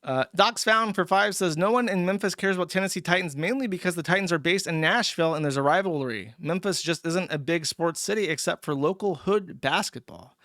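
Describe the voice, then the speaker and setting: A man's voice: high-pitched, fairly quick, hardly any pauses, fairly bright tone, no echo, studio quality. A man casually chatting on a livestream, reading out donations with crude, sarcastic remarks.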